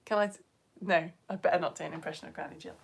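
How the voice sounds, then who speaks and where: A woman's voice: on the low side, steady tone, quick pace, vocal fry, a little hiss or hum. A woman teaching online, chatting through viewers' comments on a live stream in a bubbly way, with whispered asides and a slightly strained throat.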